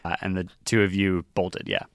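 A man's voice: sits low, level tone, moderate pace, creaky, no echo, clean studio sound. A man narrating as the game master of a tabletop game in a loose, chatty way with many fillers.

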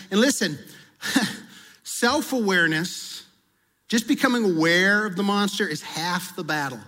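A male pastor with a high voice delivers a sermon in a conversational, down-to-earth way. He slips into acted-out prayers and confessions as he talks. The sound carries a long reverb, as in a large hall. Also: moderate pace, sharp tone.

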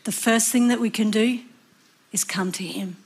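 A woman preaching a sermon, earnest and expressive, sometimes acting out the voices of people in her story. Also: fairly high pitch, moderate pace, breathy edge. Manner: expressive, acts out voices and cries.

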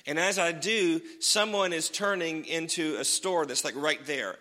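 Bright-voiced pastor preaching in a hall. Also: male voice, a little high, unhurried. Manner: conversational, self-deprecating, laughs often. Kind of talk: sermon.

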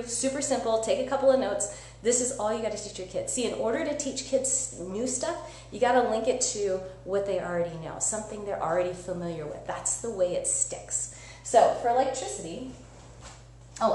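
A woman science educator giving a lively live-streamed teaching demo, chatty and upbeat, often checking in with "right?". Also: a little high, brisk. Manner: energetic, chatty, asks listeners "right?". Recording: echoey room with faint hum.

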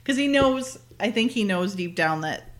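A woman co-hosting a podcast, recapping a TV episode in a casual, chatty way, full of "like" and "you know" and quick giggles. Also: mid-range voice, expressive. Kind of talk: casual chat.

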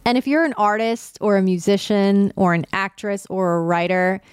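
A woman's voice: medium pitch, steady tone, moderate pace, dry recording. Candid young woman hosting a podcast. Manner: candid, conversational, swears casually; light vocal fry. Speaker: podcast host. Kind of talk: personal podcast monologue.

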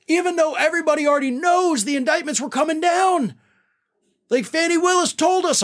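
A man's voice: very high voice, fairly quick, a bit bright. A man hosting a political commentary show, talking in a sarcastic, exasperated way. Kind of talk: opinionated commentary monologue.

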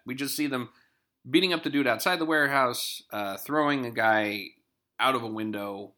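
A man's voice: fairly low pitch, sharp tone. A man casually recapping a TV episode, chatty and digressive, with wry asides.

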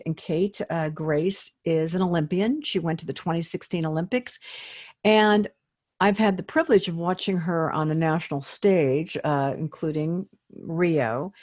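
An older woman, a fitness expert, speaking as a guest in an interview in a lively, earnest, motivational way. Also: sits low, unhurried. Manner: lively, acts out quoted inner voices. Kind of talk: conversational interview.

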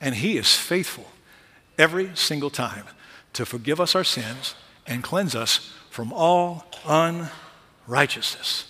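A male pastor preaching a sermon, moving from quiet asides to loud, emphatic peaks. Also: a little high, lively intonation, takes it slowly, husky, long reverb tail.

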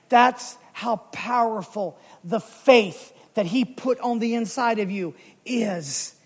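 A male pastor telling a personal story in a sermon, emotional and building from quiet storytelling up to shouted calls to faith. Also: high-pitched, takes it slowly.

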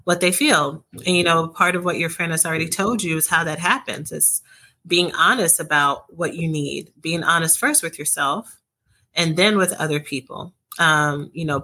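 A woman speaking as a guest expert, explaining relationship patterns in a measured, patient, reassuring way. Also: deep voice, pushed and bright. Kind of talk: calm explanatory advice in conversation.

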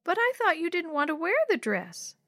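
Woman reading as a little girl, high, plaintive, pleading, sad storybook kid. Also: wildly swooping pitch, normal speed, a bit bright, dry recording, clean studio sound, exaggerated voice.

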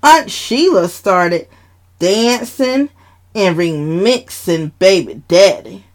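A woman reads a dramatic family story aloud. She takes her time, with a lively, rising and falling pitch, in an expressive storytelling voice. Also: takes it slowly.

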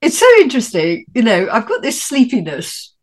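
A woman's voice: a little high, moderate pace. A woman in casual podcast chat, telling stories expressively and laughing as she talks. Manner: expressive, laughing storyteller, swearing freely.

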